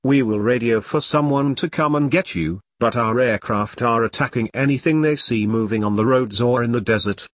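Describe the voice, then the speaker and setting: A man's voice: medium pitch, moderate pace, hardly any pauses, no room sound, studio quality, close to an everyday voice. A man voicing a stern male army section commander who gives clipped orders to surrendering troops.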